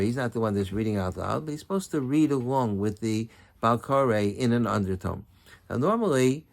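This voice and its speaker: A man's voice: medium pitch, gravelly. A middle-aged man, a rabbi, telling a story in a sermon, often restarting and repeating words.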